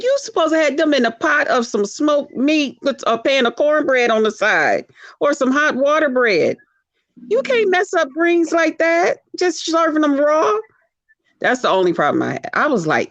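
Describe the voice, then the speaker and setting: Lively woman on dull call audio. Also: high-pitched, normal speed, no room sound. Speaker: livestream guest. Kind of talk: casual live-stream chat.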